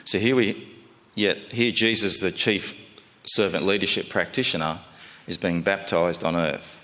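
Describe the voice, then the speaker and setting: A man's voice: sits low, steady tone, measured pace, bright, forceful tone, long reverb tail. A man preaching a sermon in a conversational, folksy way, often asking his listeners questions.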